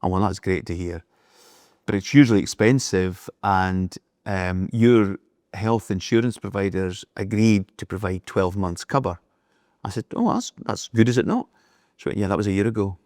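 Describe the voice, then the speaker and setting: Middle-aged guy, low voice, spinning a story and acting out who said what, dry close sound. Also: moderate pace, darkish tone, no echo. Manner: anecdotal, acts out dialogue in the retelling. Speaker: interview guest, business leader. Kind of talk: storytelling in casual conversation.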